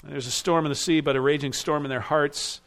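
A man's voice: fairly high pitch, steady tone, a little fast, fairly bright tone. A man preaching an expository sermon with emphatic rising bursts. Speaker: pastor.

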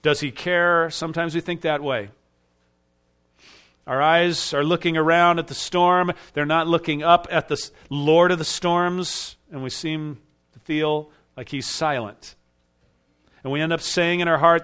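A man's voice: fairly high pitch, steady tone, unhurried, a bit bright, clear, resonant tone. A man preaching an expository sermon with emphatic rising bursts. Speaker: pastor.

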